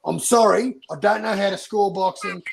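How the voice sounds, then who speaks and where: A man's voice: sits high, normal speed, vocal fry, slight background noise, low-quality recording. An Australian man, a boxing YouTuber, arguing passionately in casual debate and swearing a lot.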